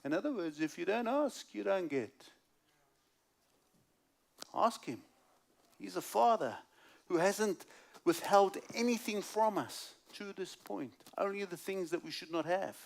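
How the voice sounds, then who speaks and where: A man preaching at a church service, his voice sitting a little higher than most men's. He swings between loud, stressed lines and hushed, near-whispered asides. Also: animated, unhurried, creaky. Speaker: guest preacher. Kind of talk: sermon.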